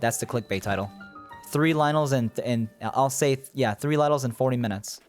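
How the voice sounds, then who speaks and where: This game streamer talks at normal speed in a medium-pitched voice, with gentle background music underneath. His commentary is casual and meandering, as he muses while playing and chats to viewers.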